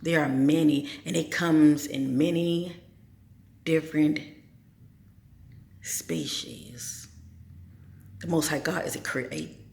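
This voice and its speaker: Gravelly woman giving an informal spiritual talk. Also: sits low, steady tone, a little slow, darkish tone. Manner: preachy, rhetorical questions, frequent "okay?". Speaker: spiritual channel host. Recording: echoey room.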